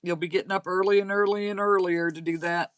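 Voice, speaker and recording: A woman's voice: lowish voice, fairly even intonation, fast talker, no echo. A woman with a slight Southern US accent hosting a casual livestream chat, reading and answering viewer comments aloud. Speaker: crochet channel host.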